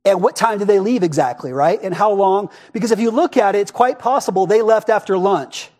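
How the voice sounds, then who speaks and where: A pastor delivers a sermon in a loose, conversational manner, peppering his points with quick rhetorical checks. His voice sits high for a man, and he sinks to a near hush when he wants a line to land. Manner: conversational preaching, frequent rhetorical "right?"; expressive, drops to a hush for emphasis.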